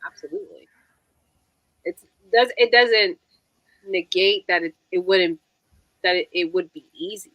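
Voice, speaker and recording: A woman co-hosting a casual fan podcast, speaking thoughtfully and pausing to search for words. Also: lowish voice, dry recording, highs cut off. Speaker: podcast co-host.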